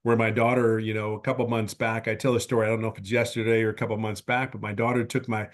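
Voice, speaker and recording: A man in his fifties offers an earnest, heartfelt testimonial over a webinar video call, his sentences stopping and starting again. He speaks low, with little movement in pitch.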